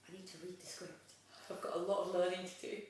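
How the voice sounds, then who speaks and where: Chatty actress, echoey room. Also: female voice, fairly low pitch, fast, slight background noise. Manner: chatty and lively, laughs often, many "um" fillers. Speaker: actress guest. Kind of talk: casual interview chat. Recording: echoey room, mic at a distance.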